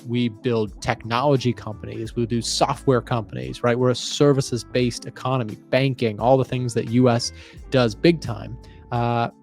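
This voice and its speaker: A man's voice: medium pitch, steady tone, moderate pace, vocal fry, a little mellow, soft background music. A man hosting live market commentary, explaining economic data and questioning a guest. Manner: conversational, explains and asks questions. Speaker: trading show host.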